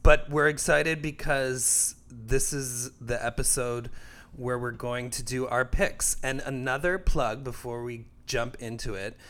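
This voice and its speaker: A man from Canada co-hosting a tennis podcast in casual chat, relaxed and joking, laughing often. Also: mid-range voice, measured pace. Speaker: podcast co-host.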